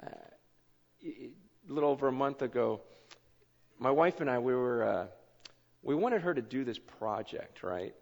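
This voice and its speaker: Animated man preaching in an echoey hall. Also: mid-range voice, a little slow, creaky, pauses often. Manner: animated, excitable, many fillers and restarts. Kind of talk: sermon storytelling. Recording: echoey hall, dull lo-fi sound.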